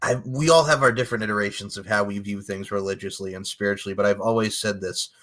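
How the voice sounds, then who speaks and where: A man's voice: lowish voice, steady tone, quick pace, a bit bright. A man hosting a casual podcast chat, blunt and profane, given to heated rants. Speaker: podcast host.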